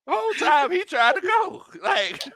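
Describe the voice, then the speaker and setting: A man hosting a casual sports chat, animated and quick to laugh. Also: very high voice, no echo. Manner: laughs often, animated and teasing. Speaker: sports podcast host.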